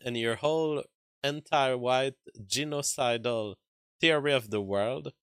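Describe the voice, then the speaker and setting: Man with a French accent, slow and dry. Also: medium pitch, bright, forceful tone, no echo. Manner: argumentative, talks back to chat, many fillers and restarts. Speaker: livestream host reading chat. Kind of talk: casual livestream commentary.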